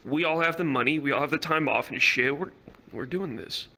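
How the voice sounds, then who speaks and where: At a virtual reality comedy club, a young man with a voice on the high side tells a rambling, profane story at a brisk clip. He's animated and swears heavily throughout.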